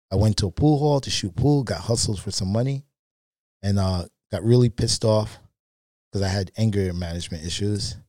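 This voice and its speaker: A man talks as a podcast guest, spinning candid stories in a loose, animated way. His voice sits low and mellow. The sound is close and dry, with no room around it. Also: no echo. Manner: candid, animated anecdotes with frequent fillers. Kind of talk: casual storytelling.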